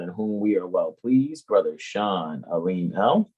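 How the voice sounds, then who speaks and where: Deep husky man hosting a livestream. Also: unhurried, highs cut off. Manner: preachy and animated, greets chat members. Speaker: livestream host. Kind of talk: casual livestream chat.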